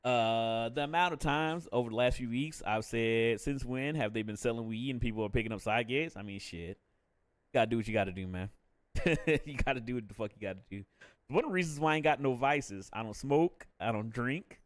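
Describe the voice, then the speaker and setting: Young guy on stream just talking, swears a lot, laughs a bunch, mid-pitched voice, dry close sound. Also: brisk, dry recording. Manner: profane, candid and laughing often. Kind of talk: casual live-stream chat.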